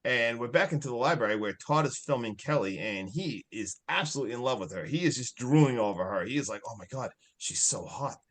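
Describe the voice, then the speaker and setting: A man's voice: mid-range voice, lively intonation, quick pace, hardly any pauses. A young man co-hosting a horror movie podcast over a video call, recapping scenes in a rambling, profane, joking way. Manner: profane, rambling, mock-angry ranting. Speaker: podcast co-host. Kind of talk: casual horror movie review chat.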